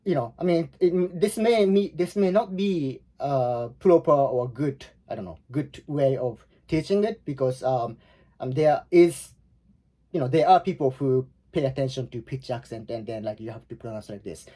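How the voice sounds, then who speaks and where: Mellow-voiced teacher explaining haltingly. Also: male voice, medium pitch, lively intonation. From Japan. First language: Japanese. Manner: halting, searching for words with frequent restarts. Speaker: Japanese language teacher. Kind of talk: explanatory online lesson.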